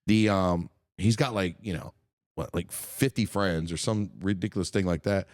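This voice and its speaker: A man's voice: deep voice, normal speed, dry recording, studio quality. Ranting, profane male podcast host. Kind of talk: casual podcast chat.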